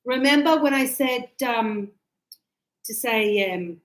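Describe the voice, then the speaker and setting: A woman teaching English in a live class, chatty and animated, acting out little dialogues as she explains. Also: a little high, slow pace, roomy sound, low-quality recording.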